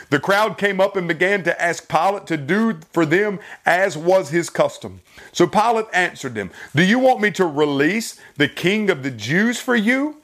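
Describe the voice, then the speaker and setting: A man's voice: on the high side, fairly bright tone. A man preaching a sermon in an earnest style, building to emphatic rising runs of phrases. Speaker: pastor.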